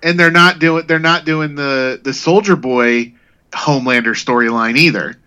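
Male podcast guest, halting delivery, bright tense tone. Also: medium pitch, clean tone, lo-fi sound. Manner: hesitant, halting. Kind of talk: casual chat.

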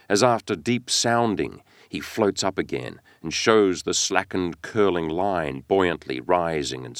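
A man narrating a classic novel in an expressive, dramatic reading that slows and speeds with the text. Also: low voice, no room sound, studio quality. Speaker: audiobook reader.

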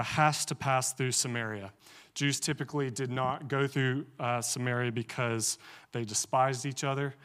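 A man preaching a casual sermon and reading scripture aloud, speaking conversationally and often pausing on fillers. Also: mid-range voice, a bit bright.

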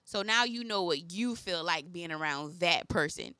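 A woman's voice: on the low side, animated, normal speed, bright, forceful tone, no room sound, studio quality. A woman co-hosting a podcast in casual chat, musing through her point. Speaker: podcast co-host.

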